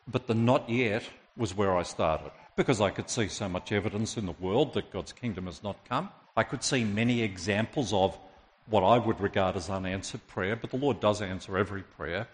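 A male pastor preaching a sermon, asking the congregation direct questions and growing impassioned and loud when he quotes others. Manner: impassioned, rises loud and high when quoting.

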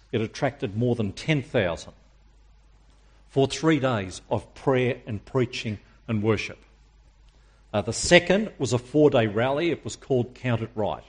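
A man preaching a sermon, emphatic and using dramatic pauses and rhetorical questions. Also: mid-range voice.

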